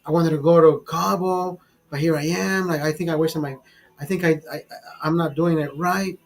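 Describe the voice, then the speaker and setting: A man's voice: a little high, fairly even intonation, moderate pace, gravelly, poor audio. A man in his forties, the channel's host, telling a rambling story in a casual, profane way, full of restarts and laughter, and calling the listener brother. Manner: frequent laughter. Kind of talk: casual storytelling over a beer.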